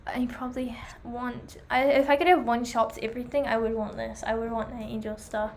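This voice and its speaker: A young woman chatting enthusiastically while reviewing pet products, full of fillers, her voice going hoarse. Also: a little high, little pitch movement, fairly quick, a little mellow, slight background noise. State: losing her voice. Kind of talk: casual chat.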